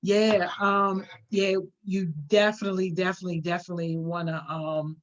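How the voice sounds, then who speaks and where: Slangy woman coaching a public speaking class online, kinda low voice, emphatic, dull lo-fi stream sound. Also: level tone, normal speed. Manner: conversational, emphatic, uses slang freely. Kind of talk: live-streamed workshop, reading viewer comments.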